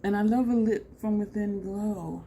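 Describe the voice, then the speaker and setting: A woman's voice: medium pitch, normal speed, vocal fry, mellow, a little hiss or hum. A woman chatting casually in a makeup vlog at home, laughing and trailing off mid-sentence. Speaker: beauty vlogger.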